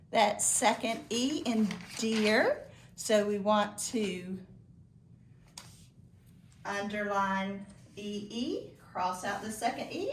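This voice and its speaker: A woman teaching a phonics lesson to children, slow and encouraging with sing-song praise. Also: fairly high pitch. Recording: echoey room, voice from a distance.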